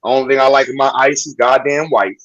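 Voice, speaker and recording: A man's voice: mid-range voice, steady tone, a little fast, a bit bright, no echo, lo-fi sound, pitched above the performer's own voice, lightly acted. A man mockingly putting on the voice of a brash, bigoted white American man. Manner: mocking caricature voice.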